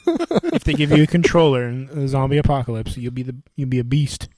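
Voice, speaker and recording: A man's voice: medium pitch, lively intonation, fairly quick, a little mellow, dry recording. A man co-hosting a podcast, teasing his guest with wisecracks in casual banter. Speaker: podcast co-host.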